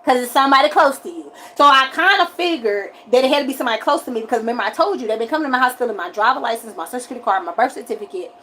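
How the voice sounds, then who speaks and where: Woman, 40, high voice, animated livestream storytelling, loud outbursts and quiet asides. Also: racing, hardly any pauses, rough recording. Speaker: livestream host.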